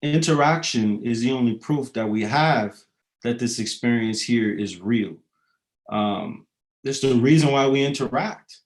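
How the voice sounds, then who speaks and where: A man's voice: medium pitch, a little slow. A man who raps talks in a casual, rambling monologue. He swears freely and drifts between loose jokes and philosophical musings, with plenty of fillers along the way. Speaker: rapper.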